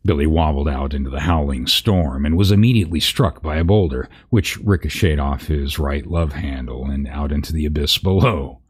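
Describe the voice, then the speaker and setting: A man reads a parody fantasy tale aloud, stopping now and then for dry, wry asides about the text. His voice sits extremely low and husky. The delivery is casual comedic storytelling. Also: moderate pace, few pauses. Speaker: narrator.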